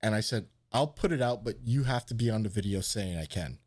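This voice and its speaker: A man in the middle of a laid-back live stream, telling a long story in a casual, rambling way. He swears freely and jumps his voice up high when he acts out what other people said. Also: a little fast. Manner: animated, swearing, acts out quotes in a raised voice. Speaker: host.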